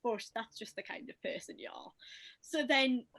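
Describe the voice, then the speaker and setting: A woman hosting a casual podcast chat, lively and quick to act out what people said. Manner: animated, acts out quotes in a higher voice. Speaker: podcast host.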